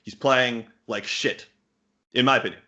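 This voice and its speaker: A man's voice: mid-range voice, fairly even intonation, normal speed, pushed and bright. A man in his thirties, a poker coach, answering interview questions bluntly, swearing casually and full of fillers and restarts. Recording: muffled lo-fi audio.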